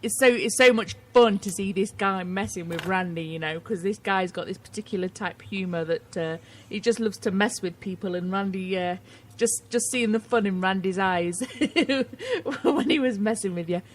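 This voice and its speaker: A woman's voice: mid-range voice, normal speed, slight background noise. A British woman co-hosting a casual radio show, chatting and reading out listener messages. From England. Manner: chatty, giggly, reads chat messages. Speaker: co-host.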